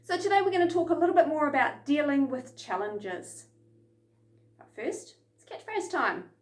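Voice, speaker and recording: Kiwi lady running a kids lesson, high voice, super energetic, bit of room echo. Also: moderate pace. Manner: energetic, chanting and calling out game sounds. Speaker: children's program instructor. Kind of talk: lively kids' lesson from home. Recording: echoey room.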